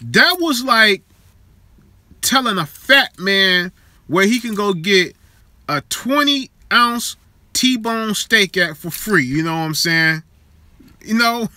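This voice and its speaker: Profane, bright-voiced man. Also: high voice, expressive, takes it slowly, pauses often, no room sound. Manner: profane, streetwise, talks straight to viewers. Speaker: live show host. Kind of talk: casual live-stream chat with viewers.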